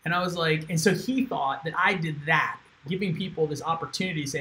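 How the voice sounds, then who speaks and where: A man's voice: a little high, a little fast, hardly any pauses, bright, forceful tone, slight background noise, poor audio. A man hosting a casual live stream. He talks bluntly and with energy, swears freely, calls listeners "dude" and reads viewer comments aloud.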